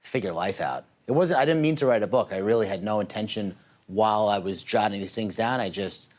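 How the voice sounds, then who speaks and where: A young man being interviewed in a TV studio. His voice sits at an ordinary pitch for a man. He talks in a casual, rambling way and fills his sentences with "like" and "I mean". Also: fairly quick, a little mellow. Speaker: guest, meme creator.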